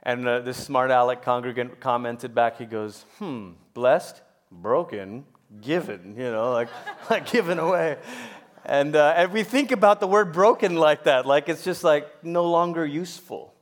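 A middle-aged man preaching a sermon as pastor, rising to loud emphatic peaks and dropping to soft, hushed storytelling, with frequent stammers and restarts. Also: on the high side, moderate pace.

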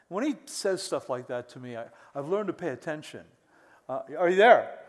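A man's voice: high voice, expressive, fairly quick, bright, forceful tone. An older man, a pastor preaching a sermon to church leaders with many restarts and mock exclamations.

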